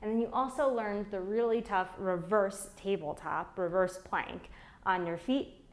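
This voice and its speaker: A woman's voice: medium pitch, a little slow. A woman leading a beginner plank workout, counting down holds and coaching form, strained while doing the moves herself. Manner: counts reps aloud while exercising, strained on hard holds. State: shaking from effort during holds. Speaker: fitness instructor. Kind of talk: guided workout instruction.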